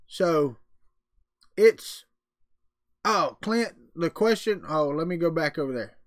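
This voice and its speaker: A man's voice: fairly high pitch, animated, slow, no room sound, clean studio sound. A middle-aged man, chatting casually on a live stream and answering his chat in a folksy way. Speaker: livestream host.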